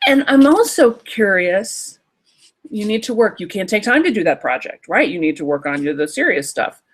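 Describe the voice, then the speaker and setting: A woman leading a creativity workshop, talking straight to her listeners in a lively, animated way. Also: medium pitch, normal speed, breathy edge. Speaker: workshop teacher, creativity coach. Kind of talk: live online workshop talk.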